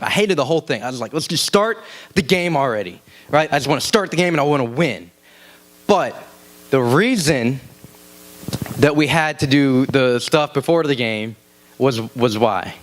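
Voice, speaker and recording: A young man preaching a casual youth sermon, telling stories and acting out shouted quotes in a high voice. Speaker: youth pastor. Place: church youth room.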